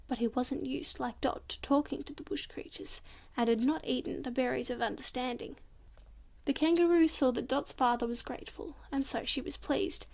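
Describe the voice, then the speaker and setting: A woman reading a children's storybook audiobook in a gentle, expressive narration. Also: high-pitched, creaky.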